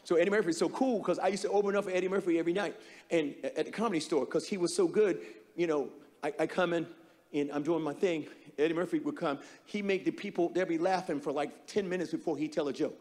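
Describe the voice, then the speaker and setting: A man's voice: on the high side, fairly even intonation, fast talker, darkish tone. A man doing stand-up comedy as an impressionist, chatting loosely and laughing with a live audience in an echoey hall. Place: stage before a live audience.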